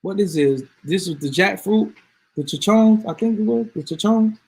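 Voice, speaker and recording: A man's voice: high voice, normal speed, darkish tone, slightly rough. A man ranting casually to his viewers, emphatic and swearing freely. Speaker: vlogger. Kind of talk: casual rant to camera.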